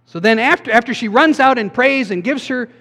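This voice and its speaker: A man giving a sermon as a pastor, preaching in a conversational way with quick asides. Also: extremely high pitch, lively intonation, sharp tone, big-room sound.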